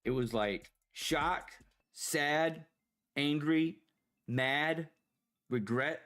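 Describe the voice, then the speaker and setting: A man telling a personal story in a halting, rambling way, pausing as the emotions come back. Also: fairly high pitch, a bit bright. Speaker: vlogger.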